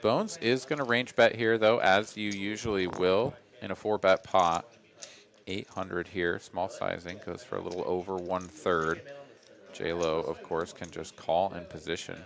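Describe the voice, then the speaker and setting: Low-voiced man calling poker hands. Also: unhurried, vocal fry. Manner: relaxed, analytical, dry asides. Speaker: poker commentator. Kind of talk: live poker commentary.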